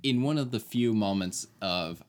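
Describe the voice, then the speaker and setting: A man co-hosting a casual movie chat with dry, deadpan wit. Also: on the low side, moderate pace. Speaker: podcast co-host reviewing a movie.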